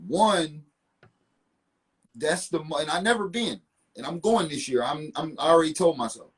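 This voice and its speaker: Husky-voiced man, emphatic and animated. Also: on the high side, moderate pace. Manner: animated, emphatic, repeats himself. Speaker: podcast guest. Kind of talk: casual hip-hop talk.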